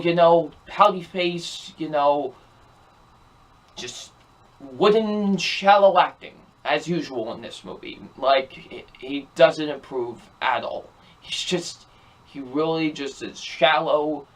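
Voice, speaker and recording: Young man, film reviewer, ranting, repetitive, exasperated, slightly high voice.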